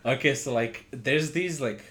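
A man's voice: medium pitch, unhurried, a bit bright. A man hosting a comedy podcast, telling an improvised story in a playful, profane way and laughing often.

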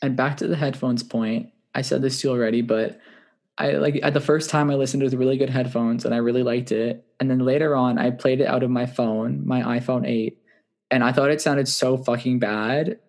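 A man's voice: mid-range voice, steady tone, a little fast, vocal fry, darkish tone. Young man, podcast co-host, casual chat, chatty, swears, laughs easily.

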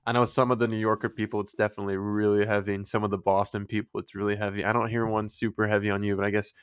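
A man from Missouri hosting a casual podcast, upbeat and chatty and quick to laugh. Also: on the low side, flat delivery, clean tone, no echo, studio quality. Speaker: podcast host.

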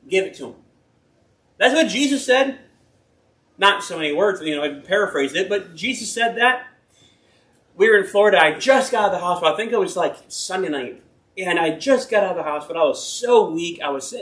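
A man with a notably high voice preaches an informal sermon in an echoing church hall. He reads scripture, then slips into personal stories. His delivery is folksy, earnest and rambling, and he often stops to correct himself. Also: fairly bright tone. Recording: roomy echo.

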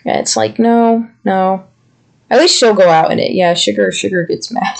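A man's voice: sits high, brisk, vocal fry. A man co-hosting a podcast, chatting casually and rambling affectionately. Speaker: podcast co-host. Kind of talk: casual chat.

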